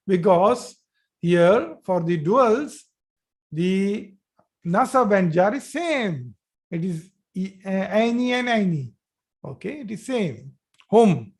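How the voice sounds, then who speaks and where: Teaching Arabic grammar to students live on a video call, a man slowly repeats each phrase and encourages them with praise when they reply. His voice is high-pitched but darkish in tone.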